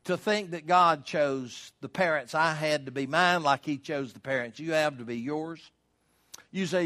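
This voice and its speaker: A man's voice: a little high, moderate pace, sharp tone. An older man preaching a sermon as pastor, folksy and emphatic, asking rhetorical questions.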